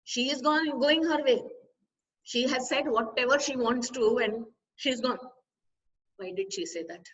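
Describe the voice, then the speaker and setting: A woman, a spiritual teacher, giving an expressive discourse full of rhetorical questions to her listeners. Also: high voice, unhurried, a little hiss or hum. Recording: distant, slightly dull recording.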